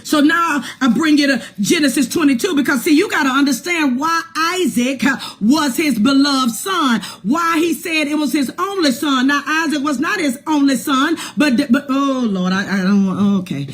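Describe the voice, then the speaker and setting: A woman preaching in church with a high, ringing voice. She shouts her lines in a rhythmic call-and-response cadence, punching a breathy "uh" in front of phrase after phrase. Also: moderate pace, hardly any pauses. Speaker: bishop preaching. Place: church service.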